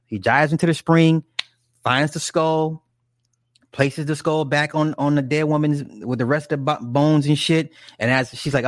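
A man's voice: a little high, steady tone, moderate pace, no echo, clean studio sound. A man casually retelling a story in a rambling, profane way, with frequent restarts and asides. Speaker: film recapper. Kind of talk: casual chat.

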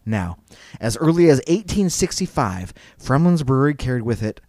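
A man's voice: medium pitch, big pitch swings, moderate pace, few pauses, mellow. A man hosting a podcast, talking in a loose, rambling way full of "like" and other fillers. His voice sits in an ordinary middle range, playful as he tells a story. The sound is dry and close, with no room echo. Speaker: podcast host. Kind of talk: casual chat.

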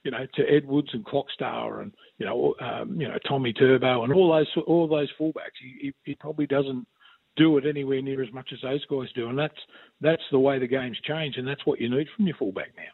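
A man's voice: mid-range voice, steady tone, brisk, vocal fry, husky, no echo. Rambling Australian man on a tinny phone line. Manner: rambling, warm storytelling full of restarts and "mate". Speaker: former player and regular pundit. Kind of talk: casual sports radio chat.

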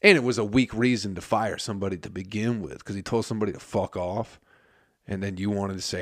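A man's voice: lowish voice, fast, no room sound, clean studio sound. A man who works in a restaurant kitchen, telling a story as a heated, profane rant.

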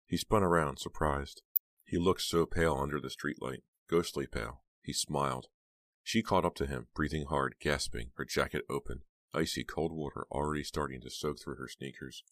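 Male audiobook narrator, very deep, dry close-miked sound. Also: no room sound. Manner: steady, measured reading.

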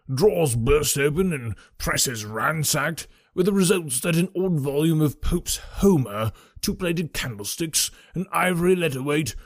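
A man voicing a bluff old retired colonel in an audiobook, brisk and matter-of-fact. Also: fairly high pitch, no echo, studio quality. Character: bluff old retired army colonel, hearty country gent. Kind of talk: audiobook character reading.

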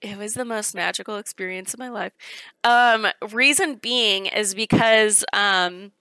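A woman guest telling an excited, chatty story about cosplay, with many fillers along the way. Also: medium pitch, a little slow, clean tone, no echo, poor audio. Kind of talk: animated storytelling in casual chat.

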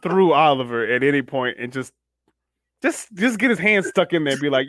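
A man co-hosting a casual podcast in a wry, sarcastic tone. His voice sits a bit high and moves lively, and he often slips into mock voices to act out characters. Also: normal speed. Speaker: podcast co-host. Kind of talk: casual chat.

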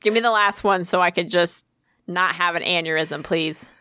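Bright-voiced, blunt, swearing woman. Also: fairly low pitch, moderate pace, clean tone. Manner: blunt, swears a lot, exasperated teasing. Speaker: podcast co-host. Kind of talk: casual chat.

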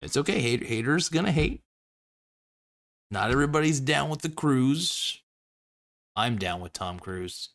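A man's voice: medium pitch, lively intonation, unhurried, long pauses, fairly bright tone. A man hosting his own online show, rambling through a goofy, self-mocking sign-off that jumps between topics.

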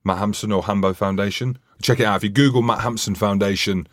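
A man's voice: on the low side, fairly even intonation, fast, no echo, clean studio sound. A man co-hosting a rugby podcast, joking and bantering with his co-hosts. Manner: jokey, banterish. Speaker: podcast co-host. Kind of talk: casual chat.

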